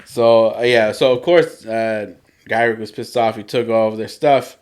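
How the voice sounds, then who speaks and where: A man with a lowish voice hosts a podcast and recaps a comic storyline in loose, casual chat. He keeps breaking into chuckles as he retells it. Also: fairly even intonation, normal speed, a little mellow. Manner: chuckles often while retelling. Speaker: podcast host.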